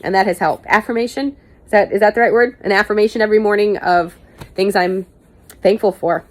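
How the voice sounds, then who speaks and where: A young woman vlogger with a mid-range voice talks briskly to camera, answering viewer questions. She's candid, chatty, and self-mocking, casually swearing now and then.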